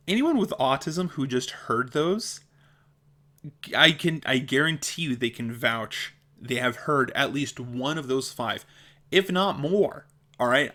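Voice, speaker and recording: A young adult man with a mild speech impediment records a casual opinion vlog in a mid-range voice that sounds pushed and bright. He's blunt and exasperated, laughing between his points.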